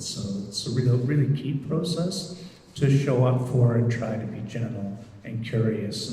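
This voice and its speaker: A man who leads meditation groups, giving a gentle, reflective talk with many pauses and fillers. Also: medium pitch. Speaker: meditation group leader and therapist. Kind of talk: recorded presentation. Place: lecture room. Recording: echoey hall, distant mic.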